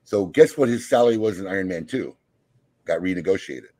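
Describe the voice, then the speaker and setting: A man hosting a podcast in casual group chat, animated and teasing with quick asides. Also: low-pitched. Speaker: podcast host.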